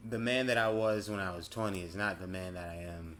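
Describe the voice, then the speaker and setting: Late-20s male host, low voice, loose reflective monologue, rambling and self-correcting. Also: fairly quick, a bit bright, a little hiss or hum. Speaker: podcast host.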